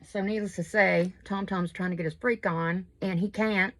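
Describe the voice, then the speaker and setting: While she gets ready at home, a crochet and makeup vlogger in her fifties talks casually, rambling and making fun of herself as she does her makeup. Her voice is medium-pitched and steady at a moderate pace, with background noise behind it.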